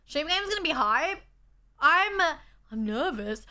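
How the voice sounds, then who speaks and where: Bubbly high-voiced Australian woman streamer. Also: expressive, moderate pace, sharp tone. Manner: chatty, bubbly, thanks chat often. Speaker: livestreamer. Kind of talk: casual stream chat reading chat. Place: borrowed streaming setup indoors.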